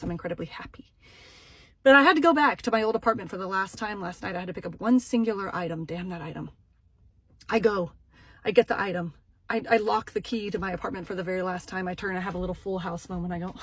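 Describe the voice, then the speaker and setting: A woman's voice: mid-range voice, dry recording. Dramatic self-mocking woman telling a story. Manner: dramatic, swings between loud and hushed asides; self-mocking, punchy short sentences. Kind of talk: comedic storytelling to camera.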